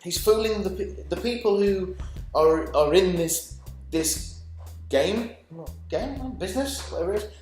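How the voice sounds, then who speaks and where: A man's voice: high voice, lively intonation, unhurried, darkish tone. A man in his forties, a vlogger in a heated, sweary monologue full of stammered restarts and sarcasm. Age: 40s. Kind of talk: angry ranting monologue. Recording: echoey room with faint music.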